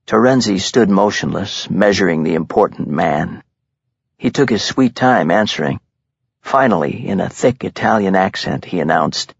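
A man reading a crime story as an audiobook narrator, in a measured, tense style. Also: low voice, gravelly, slightly rough, dry recording. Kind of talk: scripted dramatic narration. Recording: dull lo-fi recording.

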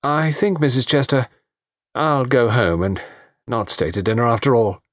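A man's voice: medium pitch, expressive, moderate pace, no echo, clean studio sound, voice pushed up, lightly acted. A man voicing a proud young woman who speaks in a tense, clipped way. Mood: strained. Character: strained, proud young English fiancée.

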